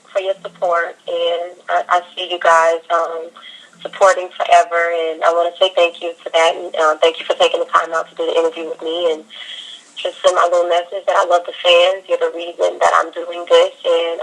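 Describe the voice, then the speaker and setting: A woman singer in a casual interview, talking in an upbeat, heartfelt way and telling lively stories. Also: on the low side, moderate pace, low-quality recording.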